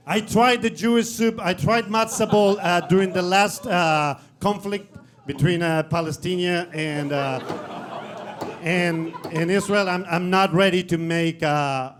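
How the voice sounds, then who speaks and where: A man performing a stand-up comedy set on stage, with animated, mock-outraged rants and quick asides. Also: high-pitched. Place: comedy stage before a live audience. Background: audience laughter.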